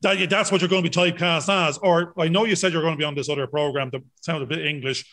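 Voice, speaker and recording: Bright-toned jokey man. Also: a little high, fairly even intonation, quick pace. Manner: jokey, jumps in with questions. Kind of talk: casual interview chat.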